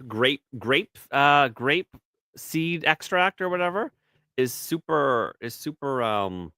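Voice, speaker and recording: A man's voice: medium pitch, expressive, takes it slowly, bright, forceful tone, dry recording, clean studio sound. A man in his thirties co-hosting a podcast in casual banter, rambling and profane, often restarting his words. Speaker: podcast co-host.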